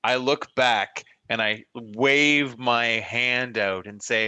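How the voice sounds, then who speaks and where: A man's voice: mid-range voice, steady tone, slow pace, sharp tone, clear, resonant tone, no room sound. A man playing a tabletop role-playing game, speaking as a dry, sarcastic starship captain. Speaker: player.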